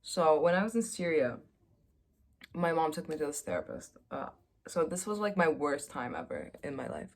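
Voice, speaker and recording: Young woman vlogger with a slightly low voice, candid and self-mocking, casual confessional delivery. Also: sing-song, normal speed.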